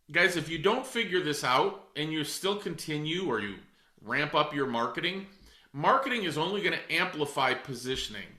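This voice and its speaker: A man's voice: on the high side, pushed and bright, echoey room. A middle-aged man giving a direct, emphatic coaching talk to real estate agents. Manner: emphatic, direct, addresses folks. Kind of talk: weekly coaching session.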